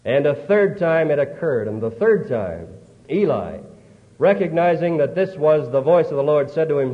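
A man preaching a sermon, retelling scripture slowly and earnestly with dramatic pauses. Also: on the high side. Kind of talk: storytelling sermon. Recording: tinny, hollow old hall recording.

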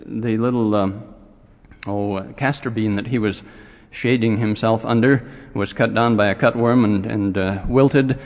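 A man teaching a scripture class. He speaks haltingly with many filler pauses and grows animated when he retells a story. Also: lowish voice, in a large hall.

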